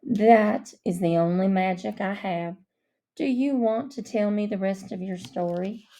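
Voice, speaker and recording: A woman voicing a soft-spoken male minister in a storybook reading, calm and measured. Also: mid-range voice, voice pushed down, close to an everyday voice. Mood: gentle.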